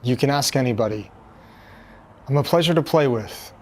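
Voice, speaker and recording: A man with an ordinary middle-pitched voice speaks defensively in a comedy skit. He talks plainly and steadily. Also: normal speed, darkish tone. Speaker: esports caster.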